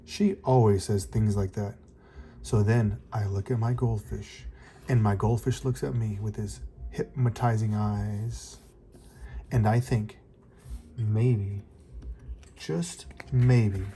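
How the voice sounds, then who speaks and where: A man reads a picture book aloud to a child, gentle and expressive. His pace is slow and unhurried, and the tone is mellow and dark. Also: on the low side, a little hiss or hum. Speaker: storybook reader.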